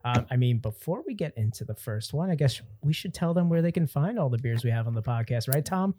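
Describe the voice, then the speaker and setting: A man co-hosting a beer podcast, full of wisecracks and quick back-and-forth. His talk is loose and playful throughout. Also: medium pitch, expressive, dark tone. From southeastern Pennsylvania. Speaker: podcast co-host. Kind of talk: casual chat.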